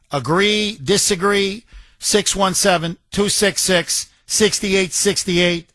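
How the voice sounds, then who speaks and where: A man's voice: fairly high pitch, takes it slowly, pushed and bright, no room sound. A man hosting a call-in talk radio show, chatty and folksy, often cutting in on callers.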